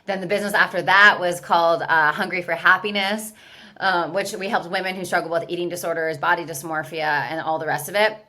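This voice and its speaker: A woman's voice: on the low side, steady tone, brisk, sharp tone. A woman guest in a casual podcast interview, telling her story candidly and animatedly with lots of "like" fillers. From California, USA. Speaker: guest, business founder.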